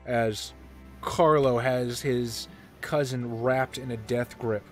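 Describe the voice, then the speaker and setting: A man in a mid-range voice runs a tabletop horror session as game master. He moves between matter-of-fact rulings and vivid scene narration. Soft music plays faintly behind him. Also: medium pitch, fairly even intonation, takes it slowly.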